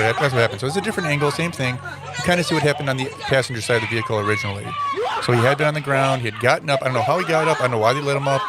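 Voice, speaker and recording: A man's voice: medium pitch, very noisy. A man hosting a podcast, giving casual commentary over news clips in a rambling, self-correcting way with dryly sarcastic asides. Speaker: podcast host.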